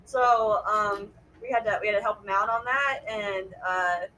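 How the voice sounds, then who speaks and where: A young woman chatting casually in a group, halting and laughing between thoughts. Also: mid-range voice, sharp tone, distant mic, slight background noise, rough recording. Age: young adult.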